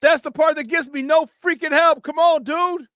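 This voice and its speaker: Male sports talk host, high-pitched, dry studio mic, angry rant with mocking asides. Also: fairly even intonation, moderate pace, bright, forceful tone, no room sound. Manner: frustrated, profane, mocking impressions.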